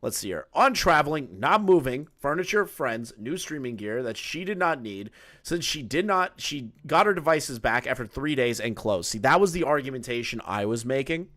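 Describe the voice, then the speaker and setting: A man's voice: mid-range voice, animated, moderate pace, fairly bright tone, dry recording. Sarcastic man streaming commentary. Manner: sarcastic, reads messages aloud with mocking asides. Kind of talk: casual live-stream commentary.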